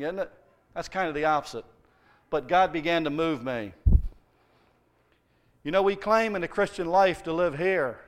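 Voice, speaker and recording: A middle-aged man preaching a sermon as pastor, telling stories with humour and lively emphasis. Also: fairly high pitch. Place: church.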